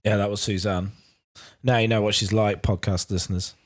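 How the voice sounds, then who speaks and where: A man co-hosting a casual podcast, a little hoarse as he loses his voice, laid-back and self-mocking with quick laughs. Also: on the low side, flat delivery. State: slightly hoarse, losing his voice. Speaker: podcast co-host. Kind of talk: casual chat.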